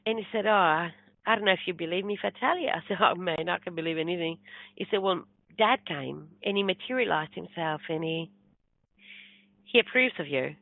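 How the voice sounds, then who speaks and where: A woman's voice: lowish voice, a little fast, vocal fry, no room sound. A woman, a spiritual medium, telling a story in a casual interview and acting out the people she quotes. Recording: dry, phone-like narrow sound.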